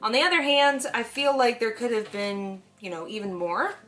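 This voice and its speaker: A woman's voice: a little high, normal speed, fairly bright tone, soft background music. A woman giving a casual spoken review of a tabletop game book, chatty with frequent fillers and laughs.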